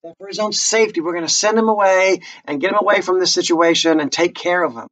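A man's voice: high-pitched, fast, a bit bright, rough recording. A man casually explaining a play to his class, chatty and loose, breaking into short dramatic readings of the lines. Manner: chatty, slips into character voices.

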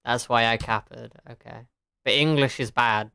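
A woman's voice: very deep voice, fairly even intonation, moderate pace, vocal fry, fairly bright tone, clean tone, no echo, clean studio sound. A woman game streamer chatting casually, laughing often, swearing and answering her chat.

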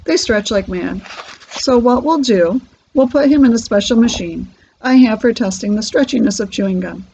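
A woman's voice: a little high, normal speed, vocal fry, dark tone, husky. A woman voicing an eccentric, cheerful man who owns a candy factory, breezy and whimsical, in a storybook reading. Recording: dull lo-fi recording.

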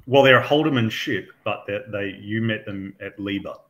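A man with a low voice runs a tabletop game as game master. He talks haltingly, stops and restarts his sentences, and fills the gaps with ums and uhs. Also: a bit bright. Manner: halting, full of fillers and restarts, chuckling. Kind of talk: running a tabletop game over voice chat.

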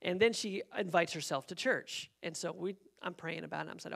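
A man preaching as a pastor, telling a personal story in an animated way and acting out the quotes. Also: a little high, fairly quick, gravelly. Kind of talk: sermon storytelling. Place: church sanctuary.

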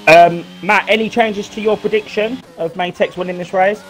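A British man giving casual live commentary on an online racing league, chatty and teasing, jumping into excited shouts. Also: high voice, moderate pace, slight background noise. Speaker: race commentator.

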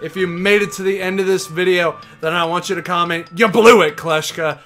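Young male gaming host with a high, bright voice; excitable play-by-play of his own match. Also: fairly quick, faint music behind. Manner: excitable, shouts at big plays, groans at misses. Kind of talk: live gameplay commentary.

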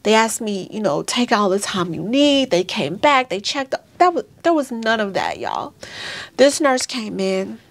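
A woman in her thirties tells her own painful story to her viewers, halting and emotional, calling them y'all. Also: medium pitch, wildly swooping pitch, creaky, dry recording. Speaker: vlogger sharing a birth story. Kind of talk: personal storytelling to camera.

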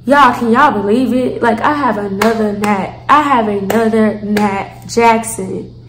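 A woman's voice: on the high side, unhurried, echoey room, background noise. A woman hosting a casual storytime vlog, chatty and slangy, full of fillers and asides to her viewers. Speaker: storyteller, channel host.

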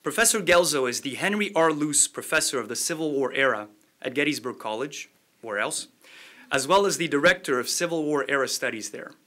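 Animated, bright-voiced man with a slight accent. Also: on the high side, a little fast. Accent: slight non-native accent, from Montreal area. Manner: oratorical, rising emphasis on key phrases. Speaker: event host, think tank director. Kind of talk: formal introduction and solemn reading of a speech. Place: lecture hall.

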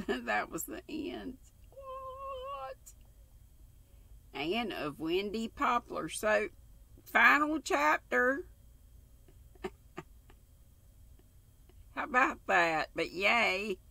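A woman's voice: on the high side, vocal fry, sharp tone, no echo. An older woman reading a novel aloud and chatting homily with her viewers. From United States. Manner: slow, homey, chatty asides. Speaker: storyteller host.

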